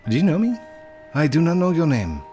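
A man voicing a polite male painter shopkeeper in a game, in a made-up accent with a raised pitch. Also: huge pitch swings, slow, heavily acted. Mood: polite, surprised. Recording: game music behind.

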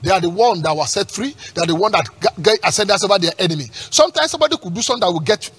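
A pastor preaching a sermon with emphatic call-and-response questions, repeating words and breaking into shouts at the peaks. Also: male voice, high-pitched, animated, racing, slightly rough.

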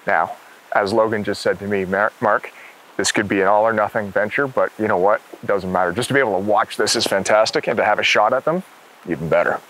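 A man's voice: lowish voice, fast talker, rough recording. A middle-aged man hosting an outdoor fishing show, talking with enthusiasm on a river. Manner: enthusiastic, excitable.

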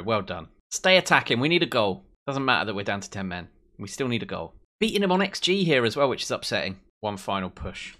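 A young man commentating on his own football management game, excitable, cheering his team and mocking rivals. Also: on the low side. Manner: excitable, swears and mocks players. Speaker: let's play host.

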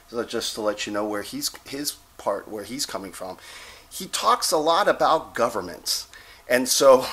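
A man talks to camera in a casual, wandering vlog. He drifts from point to point and keeps checking in with the viewer. His pitch sits in a middling range. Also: a bit bright. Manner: rambling, digressive, with frequent "okay?" check-ins. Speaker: vlogger and self-styled reverend. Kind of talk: casual rambling vlog talk. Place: Texas.

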